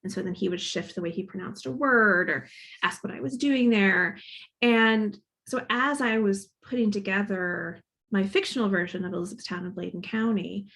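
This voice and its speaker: A woman in her thirties with a Midwestern accent carrying a slight Boston inflection speaks as a guest author. Her mid-pitched voice has a steady gravelly fry. She talks in a candid, reflective way, thinking aloud with plenty of "um" and "like.". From Northern Kentucky. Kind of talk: casual conversational talk at a library author event.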